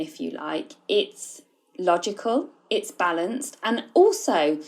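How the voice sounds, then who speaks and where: A woman's voice: mid-range voice, darkish tone. A woman hosting a solo podcast, explaining in a conversational way and addressing the listener directly. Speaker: podcast host, food coach.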